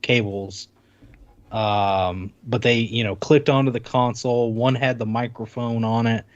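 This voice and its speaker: A man's voice: mid-range voice, steady tone, measured pace, no echo. Rambling man on a lo-fi stream. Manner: rambling, full of restarts while showing off a console. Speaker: podcast co-host. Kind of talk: casual chat.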